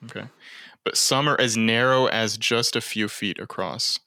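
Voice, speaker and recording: A man's voice: on the low side, steady tone, unhurried, gravelly, bright, forceful tone, dry recording, clean studio sound. A man co-hosting a casual podcast chat, hesitant at times, reading notes aloud. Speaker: podcast co-host.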